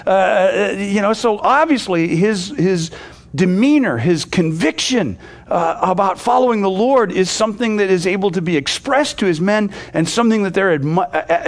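A male pastor with a slightly high voice teaches from the Bible in a relaxed, conversational way. He rambles, drops in plenty of "you know" and restarts, and grows animated when he retells the story.

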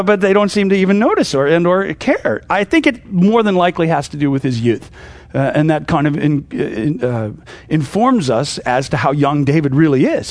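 A middle-aged man teaches scripture in a loose, chatty way, stumbling over fillers and restarts. His voice sits high and swings widely as he acts out the people in the story. The sound is close and dry. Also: darkish tone, no room sound. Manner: conversational, many fillers and restarts, acts out quoted lines. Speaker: pastor. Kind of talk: casual Bible teaching.

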